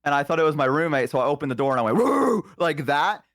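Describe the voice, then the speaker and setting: A man on a live stream telling stories in casual chat, animated, swearing freely and laughing often. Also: fairly high pitch, rapid-fire, dry recording, clean studio sound. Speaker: stream guest.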